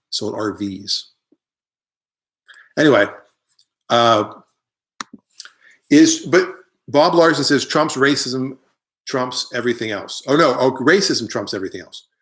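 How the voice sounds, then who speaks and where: A man's voice: fairly low pitch, a bit bright. Rambling, opinionated middle-aged comic man. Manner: rambling, opinionated, jokey asides. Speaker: comedian hosting a live online show. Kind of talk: casual comic monologue reading viewer comments.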